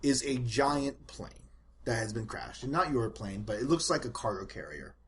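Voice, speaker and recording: A man narrating as game master of a tabletop role-playing game, talking loosely and breaking into shouted character voices. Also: mid-range voice, moderate pace. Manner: animated, puts on shouted voices for villagers.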